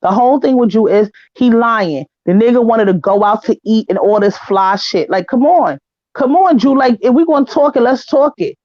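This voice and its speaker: A woman's voice: a little high, normal speed, dry recording. A woman talks in a heated, casual way on an online panel, blunt and profane, acting out what others said. Her voice is dry and close, with a slightly dull, lo-fi sound from her living room setup. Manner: blunt, profane, animated storytelling. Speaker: panel guest. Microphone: home setup, living room.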